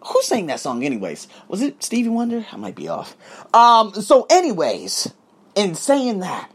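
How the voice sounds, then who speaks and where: A man hosting his own podcast, giving an animated, profane, preachy motivational monologue. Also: sits high, normal speed, husky. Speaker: podcast host. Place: abroad, living in Thailand.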